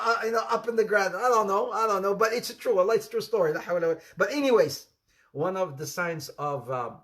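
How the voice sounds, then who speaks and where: A man giving an informal sermon, telling anecdotes in an animated way with laughter and repetition. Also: fairly high pitch. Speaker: Islamic preacher.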